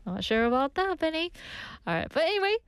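Young female radio DJ, slightly high voice, chatty, reads listener mail, dry studio mic. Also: sing-song, quick pace, dry recording. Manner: chatty, laughs often, mixes in Korean phrases. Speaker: radio show host. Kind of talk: casual radio chat reading listener messages.

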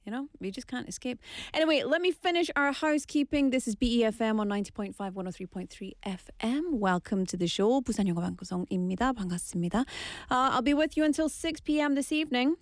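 A woman's voice: fairly high pitch, expressive, rapid-fire, dry recording, clean studio sound. A middle-aged woman hosting a casual radio show in a playful, chatty way, mixing in Korean words. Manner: chatty, playful, switches between English and Korean. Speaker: radio host. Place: radio studio. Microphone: studio microphone.

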